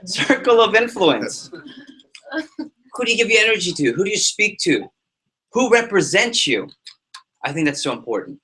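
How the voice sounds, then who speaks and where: A man leading a sales team meeting, giving an energetic motivational talk full of anecdotes and repetition. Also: high voice, moderate pace, pauses often, breathy edge. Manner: energetic, repeats himself, tells anecdotes. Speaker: team leader running a sales prep meeting.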